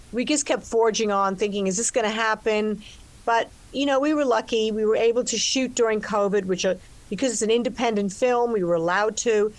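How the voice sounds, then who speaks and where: An older woman, an actress and co-writer, speaks expansively about her film in a relaxed conversational interview. Her middle-pitched voice has no echo, and she often restarts, circles back, and fills gaps with "you know."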